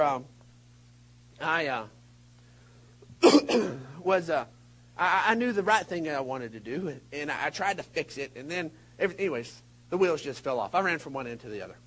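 A high-voiced man preaching to a congregation, animated and full of sudden leaps between loud, shouted moments and hushed, wry asides. His voice sits well above the usual male range, and he keeps the room with a storyteller's rhythm. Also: low-quality recording. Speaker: pastor. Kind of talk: sermon. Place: church hall before a congregation.

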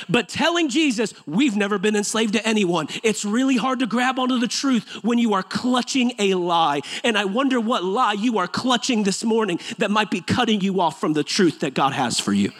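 A man's voice: extremely high pitch, fairly bright tone. A man preaching a sermon in a church, emphatic and conversational, with touches of humor. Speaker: pastor. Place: church sanctuary.

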